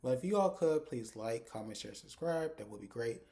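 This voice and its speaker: A man with a medium-pitched, creaky, dark-toned voice and lively intonation casually recaps a TV episode, recording on his phone camera. He retells scenes by acting out the characters' lines in quick quotes.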